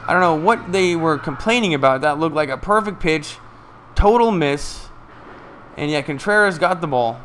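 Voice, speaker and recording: A man giving casual, excited live play-by-play of a ball game from a stream, chatting to his viewers. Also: on the high side, normal speed, slight background noise.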